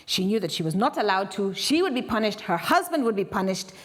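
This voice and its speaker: A woman's voice: medium pitch, sing-song, quick pace. A woman performing a live interactive story, dramatic with whispers and gasps.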